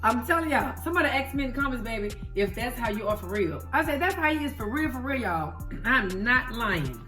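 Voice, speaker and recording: A woman host with a high, lively voice that swings all over, calling out to her viewers between bites. Her voice rings in an echoey room with faint music behind. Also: fairly quick. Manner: animated, laughing, addressing viewers as y'all. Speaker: show host, wife. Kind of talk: casual chat on an eating show.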